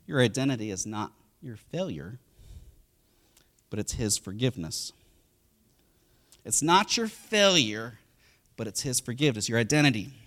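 A man's voice: mid-range voice, sing-song, moderate pace, long pauses, fairly bright tone. A middle-aged man, a pastor, preaching a sermon through family stories, acting out what people say. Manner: storytelling, acts out quotes, repeats words.

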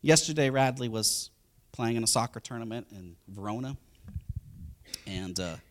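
A man's voice: mid-range voice, moderate pace. A middle-aged man, a pastor, preaching a sermon through family stories, acting out what people say. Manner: storytelling, acts out quotes, repeats words.

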